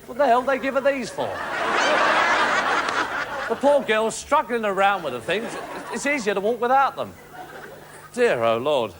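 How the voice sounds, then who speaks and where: Chirpy high-voiced guy hosting a game show, loud crowd and noisy old tv studio sound. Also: very animated, unhurried, long pauses. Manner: chatty, teasing, upbeat. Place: TV studio with live audience. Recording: 1980s TV studio with loud audience and noise.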